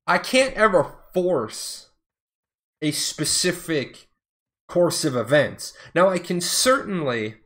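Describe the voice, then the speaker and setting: A man's voice: on the high side, very animated, takes it slowly, fairly bright tone. A middle-aged man, a former Air Force officer, telling stories in a blunt, profane, rambling way. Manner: blunt, profane, digresses mid-story. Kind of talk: casual storytelling chat.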